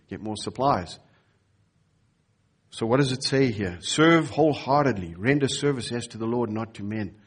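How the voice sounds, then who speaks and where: A pastor preaches from the pulpit, weaving a personal story into his sermon and acting out the other people's lines. His voice sits on the low side and carries a husky edge. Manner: storytelling, acts out quoted voices.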